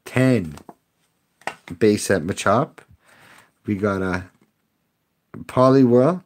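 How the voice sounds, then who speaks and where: A man's voice: fairly low pitch, extremely slow, a little mellow, slight background noise. Sarcastic young man joking with his chat. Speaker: streamer opening card packs. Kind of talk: casual live-stream chat.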